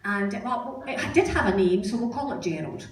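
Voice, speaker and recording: Here the Scottish comedian speaks in a mid-range, expressive voice at a moderate pace, still chatty and poking fun at herself. The distant mic captures a roomy club sound, and a laughing crowd can be heard behind her.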